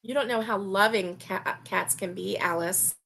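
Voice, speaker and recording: A middle-aged woman hosting a casual crochet livestream, chatting warmly, laughing often and reading viewer comments aloud. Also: medium pitch, normal speed, gravelly, slightly rough. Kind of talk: casual live-stream chat.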